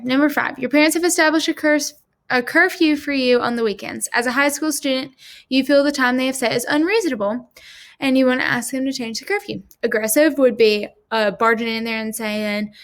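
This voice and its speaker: A woman's voice: on the high side, a bit bright. A woman presenting a class assignment, reading scenarios aloud and talking through each one casually, with fillers.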